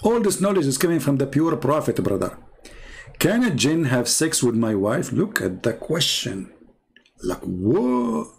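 A man speaking imperfect English in a sarcastic, animated commentary monologue as a religious debater. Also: medium pitch, normal speed, vocal fry, slightly rough. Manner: non-native English with slips.

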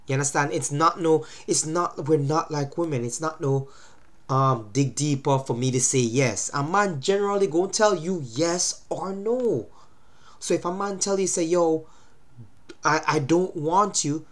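A man's voice: on the high side, unhurried. A young man with a stuffy cold giving relationship advice in a casual vlog, lecturing and checking in with "you understand?". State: congested from a cold. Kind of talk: casual talking-to-camera monologue.

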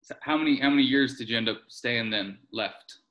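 A man's voice: medium pitch, a little fast, sharp tone, dull audio. A man hosting a casual interview, asking short follow-up questions. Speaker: interview host.

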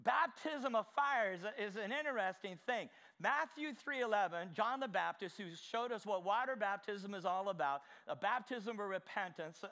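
A male pastor delivering a fervent sermon, his voice pitched high for a man with a bright, forceful edge. He fires direct questions at the congregation. He swings from quiet asides to shouted exclamations.

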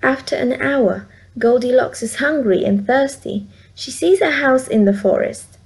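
Vietnamese-accented woman reading a storybook. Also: sits high. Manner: slow, clear, simple sentences. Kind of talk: storybook read-aloud.

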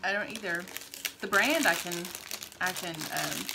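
A middle-aged woman co-hosting a casual tasting vlog with her daughter, upbeat and quick to sound delighted. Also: fairly low pitch, creaky, background noise. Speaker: vlog co-host, mother. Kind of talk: casual chat.

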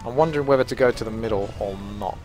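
A man's voice: mid-range voice, racing, music in the background. A man hosting his own gaming channel, giving chatty, self-mocking play-by-play commentary. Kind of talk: live gameplay commentary.

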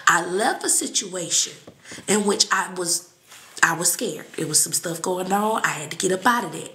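A woman reading and chatting on a live stream, blunt and profane, with sudden shouts and laughs. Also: fairly low pitch, moderate pace, reverberant, slight background noise. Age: adult with children. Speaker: psychic reader on a live stream. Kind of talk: casual live-stream talk.

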